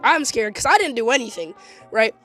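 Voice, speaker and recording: A teenage boy telling a story in a casual, animated, slangy way, often laughing mid-sentence. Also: very high-pitched, brisk, music in the background. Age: teens.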